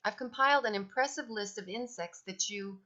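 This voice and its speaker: A nerdy, precise schoolboy from a children's book, voiced by a woman reader. He talks slowly and earnestly, every fact measured out. The tone is bright and the recording dull. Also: medium pitch, pitched above the performer's own voice, lightly acted. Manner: slow, earnest and know-it-all.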